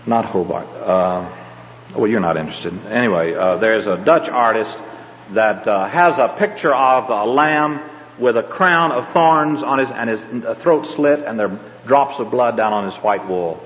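An older man with a Southern accent teaches a Bible class in a folksy, wandering way, stopping often to hunt for a word. His voice sits low. The recording is muffled and lo-fi, with a long reverb tail from a large hall. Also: unhurried. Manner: rambling, folksy, many hesitations. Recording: dull lo-fi tape in a reverberant hall.

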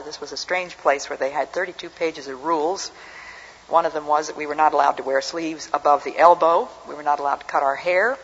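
A woman's voice: low voice, slightly rough. An older woman giving an earnest, reflective personal testimony as a speaker. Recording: dull recording with long hall reverb.

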